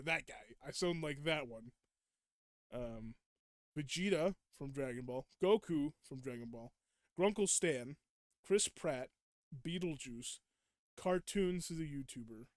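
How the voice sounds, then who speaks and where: A man's voice: fairly high pitch, dry recording, studio quality. A young man streaming a game, chatting casually, laughing often and acting out quotes. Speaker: gaming streamer. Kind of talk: casual gameplay chat.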